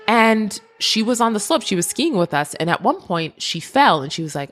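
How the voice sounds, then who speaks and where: Lively woman podcast host, lowish voice. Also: measured pace. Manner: animated, laughing storyteller with big pitch swings. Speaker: podcast host and creativity mentor. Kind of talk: solo podcast storytelling.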